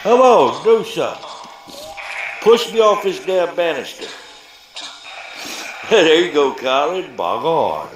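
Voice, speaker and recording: A man's voice: on the high side, sing-song, takes it slowly, long pauses. A man with a drawl, a paranormal investigator taunting spirits in a mocking, provoking way inside an abandoned church. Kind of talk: taunting spirits on a ghost hunt vlog. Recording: echoey empty building, background noise.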